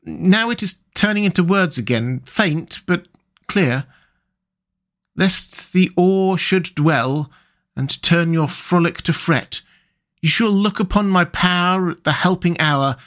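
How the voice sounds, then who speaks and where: A man voicing a gentle, dreamy male water rat from a storybook, speaking softly and wistfully. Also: high-pitched, slow, voice pushed up. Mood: hushed wonder. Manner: soft, wistful, languid.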